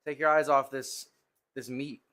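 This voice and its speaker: A man's voice: medium pitch, level tone, unhurried, fairly bright tone. A man chats casually on a live stream while he trains in a home gym. He teases a viewer in a joking way, laughing and sighing between lifts as he catches his breath. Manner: joking, teasing banter with a viewer, laughs and sighs. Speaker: fitness streamer.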